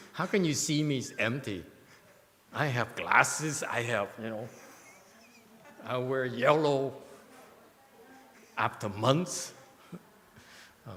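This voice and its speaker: Male Buddhist teacher, slow unhurried lecture, constant "okay?" check-ins, playful asides, long reverb of a temple hall. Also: medium pitch, fairly bright tone, slight background noise. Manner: keeps checking in with "okay?" and "yes?"; playful, teasing asides to listeners. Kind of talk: sutra commentary lecture.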